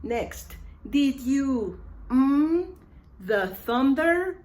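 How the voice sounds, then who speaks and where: A woman's voice: sits high, animated, drawn-out words, darkish tone. A woman English teacher giving a lesson, saying each phrase carefully and repeating it for her learners.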